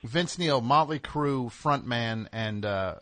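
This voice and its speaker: A man's voice: medium pitch, takes it slowly, a bit bright. Sarcastic man hosting a call-in show. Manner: sarcastic, mock-scolding, rambling with fillers. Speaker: radio call-in host. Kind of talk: comedic call-in banter. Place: radio studio.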